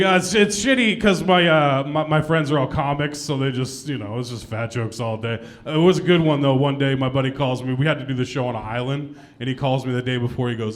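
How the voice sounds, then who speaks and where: A man's voice: mid-range voice, a little fast. A young adult man doing a self-deprecating stand-up comedy set on a club stage, laughing at his own jokes.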